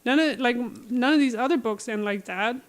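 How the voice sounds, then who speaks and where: Animated woman retelling a book plot. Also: on the high side, normal speed. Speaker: podcast co-host. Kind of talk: casual book chat.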